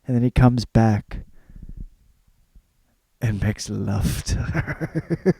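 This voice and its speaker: A man's voice: fairly low pitch, animated, very slow, creaky, warm tone, slight background noise. A man hosting his podcast in a casual, crude, rambling comic monologue with plenty of fillers and cursing. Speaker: podcast host.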